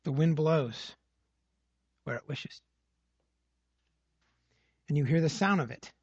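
A man's voice: on the high side, slow, darkish tone, breathy edge, no room sound, dull audio. A man preaching an expository sermon, emphatic, often repeating phrases and asking "right?" to drive a point home.

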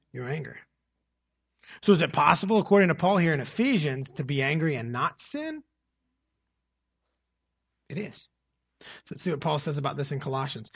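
A man's voice: fairly high pitch, vocal fry, breathy edge, no echo, lo-fi sound. A man preaching a conversational sermon, asking the congregation rhetorical questions as he reads and explains scripture. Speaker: pastor. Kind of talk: expository sermon.

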